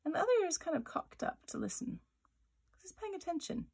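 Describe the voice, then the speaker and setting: A woman's voice: extremely high pitch, very animated, fast talker, creaky, darkish tone. A woman author-illustrator leading a children's drawing tutorial, thinking aloud as she sketches and chatting playfully. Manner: voices little sound effects for her drawings.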